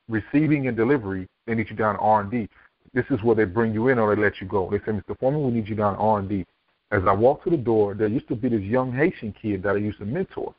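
Fast-talking man on a tinny line. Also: on the low side, no echo. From Miami, Florida. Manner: vivid storyteller who acts out quoted dialogue. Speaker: podcast guest, author and speaker. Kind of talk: telling his life story in an interview. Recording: dry, tinny phone-like line.

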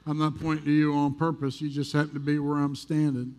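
Male pastor from the US, high-pitched, candid, conversational sermon delivery in a church. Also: completely flat delivery, brisk, a little mellow. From United States. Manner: conversational storytelling, candid and self-deprecating. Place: church sanctuary.

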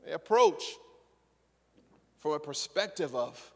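A middle-aged man from Zimbabwe preaches a sermon, his voice set high. He is animated, acts out little quotes, and stumbles and repeats words as he builds. The sound carries a long hall reverb. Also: normal speed. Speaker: pastor. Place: church sanctuary.

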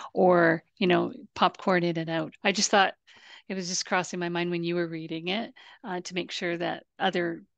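A woman's voice: lowish voice, creaky, no room sound. A woman co-facilitating an online training session, adding practical tips for other facilitators.

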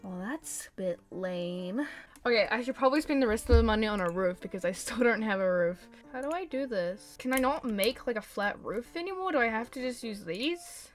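A woman giving casual let's-play commentary, chatty and excitable, talking to the pets on screen. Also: on the high side, a little fast. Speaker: gameplay commentator.

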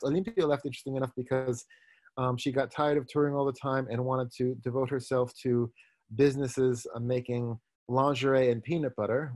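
Man, professor, online lecture, mid pitch, frequent fillers, dry close sound. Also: dry recording. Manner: thoughtful, hesitant, with frequent fillers and restarts. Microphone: video call microphone.

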